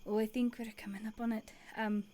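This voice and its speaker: A woman's voice: fairly high pitch, level tone, a little fast, mellow, close to an everyday voice. A woman voicing a kind, nervous young woman driving a cart, hesitant and full of fillers.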